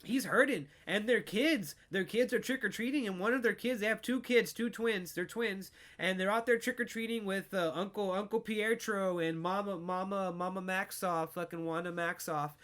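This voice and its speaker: A man hosting a podcast, recapping a TV show in an excitable, swearing, filler-heavy way. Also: high voice, normal speed, few pauses. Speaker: podcast host. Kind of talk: casual pop culture recap.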